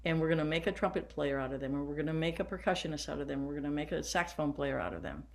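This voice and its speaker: Seated and demonstrating as she talks, a band teacher in her seventies leads a workshop for teachers in a low, gravelly voice with lively intonation and a racing pace. She's warm and hands-on, walking listeners through exercises.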